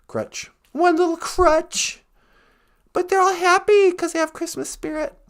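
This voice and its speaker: A woman's voice: very high voice, steady tone, a little slow. Rambling woman telling a comic story. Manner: rambling, laughing, loose retelling. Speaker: podcast host.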